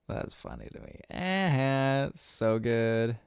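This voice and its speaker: A man's voice: fairly low pitch, moderate pace, vocal fry, few pauses, a little mellow, no room sound, clean studio sound. A young man hosting a solo podcast, rambling casually, swearing often and laughing at his own jokes. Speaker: podcast host.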